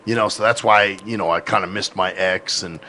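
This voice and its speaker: A man's voice: low voice, fairly even intonation, a little fast, sharp tone, slight background noise. A man hosting a podcast in casual, rambling chat, swearing often and laughing. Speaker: podcast host.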